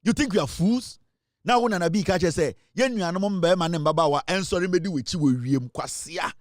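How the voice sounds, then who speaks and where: A man's voice: sits high, fairly quick, dry recording, clean studio sound. A man with a Ghanaian accent in an angry, scornful rant, switching between English and Twi. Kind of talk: angry social media rant.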